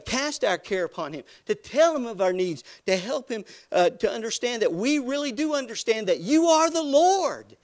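A man preaching a sermon, building from quiet, hushed passages to loud, rising emphasis. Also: high voice.

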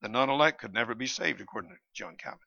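A man's voice: medium pitch, lively intonation, rapid-fire, gravelly, pushed and bright. A man preaching a sermon, arguing his points emphatically and quoting scripture, with his volume rising and falling. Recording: dull lo-fi recording.

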